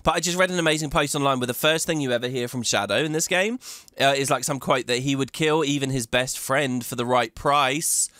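A man's voice: medium pitch, fairly quick, sharp tone, no room sound, studio quality. A man hosting a video game playthrough, chatting away and thinking aloud as he plays, laughing often. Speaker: let's play host.

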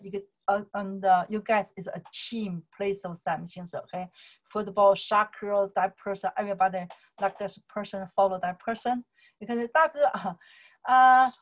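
Chinese-accented woman teacher, patient repeater, mid-pitched everyday voice. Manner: repeats phrases, simple broken English. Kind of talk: explaining to camera.

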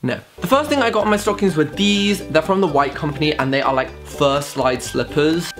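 Brief: camp young vlogger, sassy asides, squeals, music bed underneath. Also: male voice, fairly high pitch, a little fast. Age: young adult. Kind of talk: casual haul vlog. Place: bedroom with studio light. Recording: music playing behind the voice.

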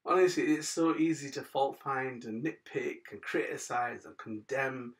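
A man, hosting a daily channel and telling a moral story with religious advice in a casual way, often calling his listeners "guys" and letting his phrase ends fall soft. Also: mid-range voice, measured pace, far from the mic. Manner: chatty, says "guys" often, trails off softly at phrase ends.

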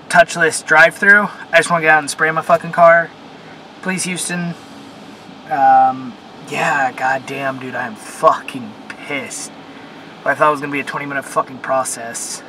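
A man's voice: on the high side, pushed and bright, a little hiss or hum, rough recording. A young man venting in a casual vlog, cursing often and rambling with fillers while he sits in his car. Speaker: vlogger. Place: in a car at a car wash.

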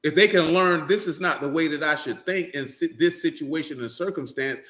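A man's voice: a little high, normal speed, bright, forceful tone, echoey room. A man giving a loose, conversational sermon, talking directly to listeners and often checking they follow him. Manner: talks loosely and directly, often asking "you know what I'm saying". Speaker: preacher.

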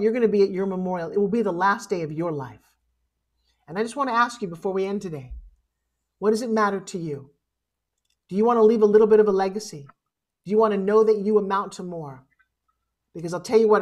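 A woman giving a motivational keynote, speaking with emphasis and rousing the audience. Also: mid-range voice. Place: online summit.

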